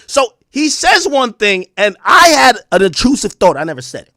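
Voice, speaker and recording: A man hosting a livestream, telling a long story in a casual, mocking, profane way and slipping into quick impressions of other people. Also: very high voice, dry recording, studio quality. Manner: animated, profane, mocking impressions, laughs often. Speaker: streamer host.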